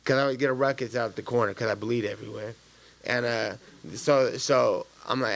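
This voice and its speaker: Gravelly, blunt, profane man. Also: medium pitch, fairly even intonation, a little fast, a bit bright. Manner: blunt, profane, loose street slang, rambling. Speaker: fighter at a post-fight press conference. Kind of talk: post-fight press conference answers. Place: press conference room.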